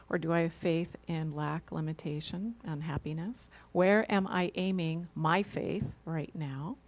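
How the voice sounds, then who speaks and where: A woman's voice: fairly low pitch, creaky, a little mellow. A woman minister giving a reflective sermon, asking rhetorical questions and tagging them with "right?".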